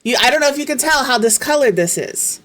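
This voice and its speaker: A woman's voice: high-pitched, animated, quick pace, fairly bright tone, slight background noise. A woman streamer in casual chat, telling stories in a profane, exasperated way.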